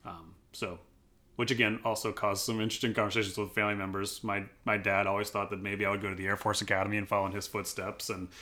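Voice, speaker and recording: Pastor guy from colorado telling his story, lowish voice, kinda bright and forceful, earnest. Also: fast. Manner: earnest, reflective storytelling with lively acted-out quotes. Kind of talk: personal testimony in a church podcast interview.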